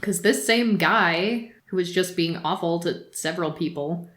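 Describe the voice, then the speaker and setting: A woman's voice: lowish voice, measured pace, fairly bright tone, roomy sound. A woman co-hosting a podcast, talking casually and animatedly with exasperation and frequent laughs. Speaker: podcast co-host.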